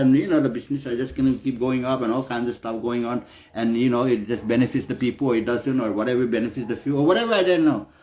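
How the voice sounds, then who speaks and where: A man's voice: mid-range voice, a little mellow. A man delivering a heated, profane political rant, peppering his speech with "no" as a filler. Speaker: political commentator. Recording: echoey room.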